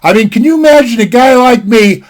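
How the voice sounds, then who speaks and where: High-voiced older man rambling folksily. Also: lively intonation, brisk, a little mellow. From Montana, USA. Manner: rambling, folksy, full of "you know" asides. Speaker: storyteller. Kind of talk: casual spoken anecdote. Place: home desk. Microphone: desktop mic.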